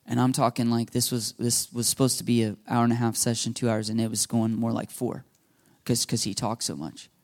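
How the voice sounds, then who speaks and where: A man preaching a sermon as pastor, lively and animated, acting out the voices he quotes. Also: mid-range voice, brisk.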